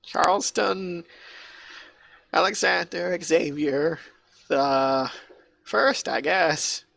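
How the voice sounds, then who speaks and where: A man voicing a panicky, meek young male guard who stammers in a high, flustered voice. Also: drawn-out words, gravelly, fairly bright tone, no room sound, exaggerated voice.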